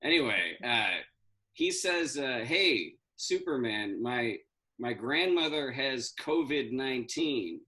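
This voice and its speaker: A man's voice: medium pitch, animated, takes it slowly, bright, forceful tone. A man playing Superman as a cranky, profane stand-up comic ranting about quarantine. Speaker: stand-up comedian in costume. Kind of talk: in-character stand-up.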